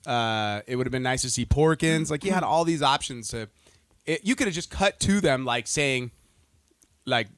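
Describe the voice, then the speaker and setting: A man talking on a podcast in an ordinary middle-pitched voice, excitable and quick to swear. The sound is dry and close, with no room around it. He acts out his own reactions as he talks. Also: clear, resonant tone, dry recording. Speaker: podcast host. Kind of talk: casual chat.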